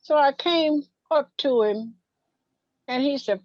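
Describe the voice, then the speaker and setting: A minister and storyteller guest tells a personal story in a slow, very animated mid-range voice, acting out dialogue from her childhood and singing a playground rhyme. There's no room sound, and the recording comes across dull, dry and muffled.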